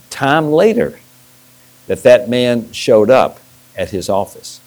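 A man's voice: low voice, darkish tone, low-quality recording. A middle-aged man, a pastor, preaching a sermon and telling stories with restarts. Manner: storytelling with restarts and acted-out quotes.

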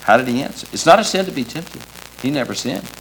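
A man preaching a sermon in an earnest, emphatic way, quoting scripture with halting restarts. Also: mid-range voice, lively intonation, vocal fry, fairly bright tone, a little hiss or hum, poor audio.

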